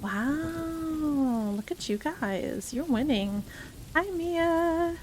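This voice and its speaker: A woman's voice: high voice, animated, extremely slow, darkish tone, a little hiss or hum. A young woman streaming live, chatting casually and cheerfully with her viewers, greeting them by name and laughing often. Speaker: variety streamer.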